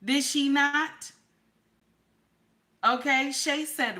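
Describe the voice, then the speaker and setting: A woman's voice: sits high, slow pace, pauses often. A woman, host of a casual livestream who reads chat comments aloud and teases her viewers. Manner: animated, teasing, talks straight to chat viewers.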